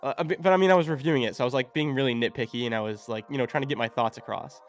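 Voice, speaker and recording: A man's voice: medium pitch, racing. A man chatting as a guest on a stream, rambling and hesitant with many fillers. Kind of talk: casual podcast chat.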